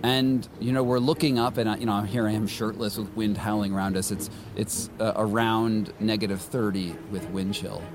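A man's voice: lowish voice, normal speed, hardly any pauses, noisy background. A man telling his own story casually, acting out quotes in a raised voice. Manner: animated, acts out quotes in a raised voice. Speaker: interviewee recounting a climb.

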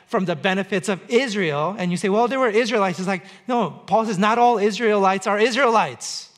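Guy with a pretty high voice giving a chatty church sermon, repeats stuff, dry jokes. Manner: conversational preaching with repetition and dry humor. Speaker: pastor. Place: church on Mercer Island.

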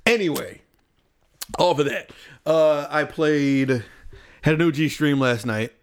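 Young guy on a podcast, chatty and animated, swears a lot. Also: fairly high pitch, clear, resonant tone. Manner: animated, swears casually, quick laughs. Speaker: podcast co-host, streamer. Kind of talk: casual chat.

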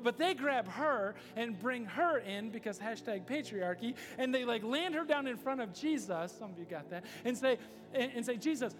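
A pastor giving a casual, story-driven sermon, acting out the quoted lines as he goes. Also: extremely high pitch. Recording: long reverb of a hall, faint music.

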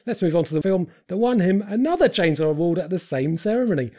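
A man's voice: high voice, expressive, fast, mellow. A man hosting a casual, sweary film chat and leading the discussion. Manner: chatty, swears freely, leads the discussion. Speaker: podcast host.

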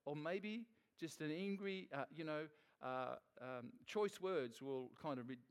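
Higher-voiced man preaching a rambling sermon. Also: unhurried, clean tone. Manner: conversational, rambling storytelling with many restarts.

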